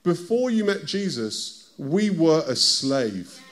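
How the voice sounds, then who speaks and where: In a very animated, slow voice on the high side, a British-accented preacher delivers a conversational sermon. He regularly stops and addresses his listeners with direct questions.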